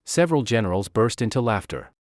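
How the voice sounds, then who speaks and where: A man narrating a comic recap of an illustrated story in a brisk, expressive way. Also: on the low side, no room sound, studio quality.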